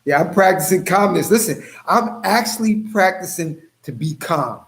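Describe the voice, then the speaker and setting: Brief: male livestream host, slightly high voice, loose and joking, chats to viewers by name. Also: expressive, normal speed, fairly bright tone. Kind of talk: casual livestream chat.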